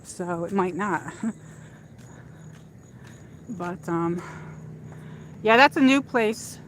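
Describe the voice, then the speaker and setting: A woman's voice: medium pitch, animated, drawn-out words, a bit bright, a little hiss or hum. A woman hosting a casual livestream while walking outdoors, chatting in a rambling way with lots of fillers, speaking into a handheld phone. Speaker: livestream host. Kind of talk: casual walk-and-talk chat. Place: outdoors in a shopping area at dusk.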